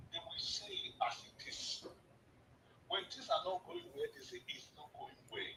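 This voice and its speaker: Male panelist, bright lively voice, emphatic, heard distant in an echoey room. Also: high-pitched, a little hiss or hum. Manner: emphatic, lecturing. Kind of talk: phoned-in commentary. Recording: roomy, distant phone audio.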